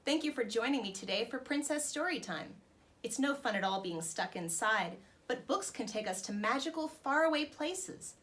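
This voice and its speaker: Storytime host: woman reading a children's book aloud, lively and expressive, fairly high voice. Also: normal speed. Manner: expressive and animated. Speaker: storytime host dressed as a princess.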